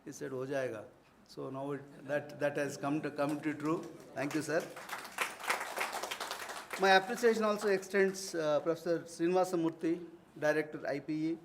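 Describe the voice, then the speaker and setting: A man delivers a formal vote of thanks in a university conference hall. His voice sits slightly high. He is earnest and ceremonial, and he breaks off now and then for warm personal asides. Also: moderate pace, crowd noise, noisy background. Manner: earnest, formal phrasing broken by warm anecdotes.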